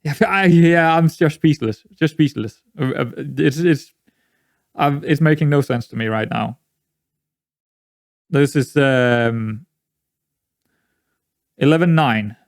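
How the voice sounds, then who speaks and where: A man's voice: on the high side, takes it slowly, creaky, long pauses, no room sound, clean studio sound. A man giving rambling, exasperated commentary while playing a management game, often repeating himself. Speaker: gaming YouTuber. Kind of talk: let's-play commentary.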